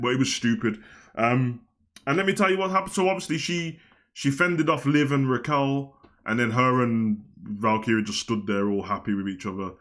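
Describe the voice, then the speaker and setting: A young man, casually reviewing a wrestling show on a live stream, animated and slangy, jumping from loud outbursts to mumbled asides. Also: fairly low pitch.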